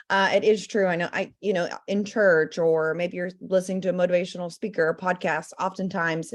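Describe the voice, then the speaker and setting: A woman with a Southern accent giving a blunt, playful, no-nonsense motivational talk over a video call. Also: fairly low pitch. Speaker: guest speaker.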